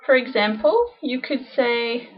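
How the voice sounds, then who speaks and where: Woman, higher voice, casual teacher who repeats examples slowly; dull lo-fi home recording. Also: very animated. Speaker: language teacher. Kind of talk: casual beginner lesson.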